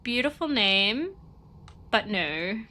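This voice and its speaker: A woman's voice: medium pitch, very animated, slow pace, bright, forceful tone. A young woman streaming a game and chatting with her viewers, with a stuffy, sniffly nose and a bubbly, chatty manner. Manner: chatty, bubbly, talks to chat. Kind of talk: casual live-stream chat.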